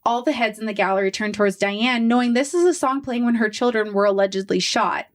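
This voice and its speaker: A fairly high-voiced woman hosts a podcast and tells a true crime story as a relaxed, chatty talk. Her delivery is animated, with quick asides. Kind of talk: casual storytelling chat.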